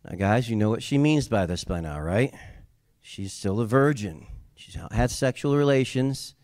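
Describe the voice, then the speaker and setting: A man preaching a sermon, reading scripture and explaining it in a casual, animated way with slang. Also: mid-range voice, unhurried. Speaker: pastor.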